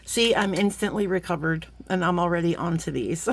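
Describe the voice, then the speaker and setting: A woman, chatting warmly to viewers as she gushes over beads in a casual unboxing vlog. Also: fairly low pitch, brisk, gravelly, hardly any pauses, slight background noise. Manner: chatty and gushing, talks to viewers as friends; sometimes drops to a playful whisper. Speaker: jewelry-making vlogger.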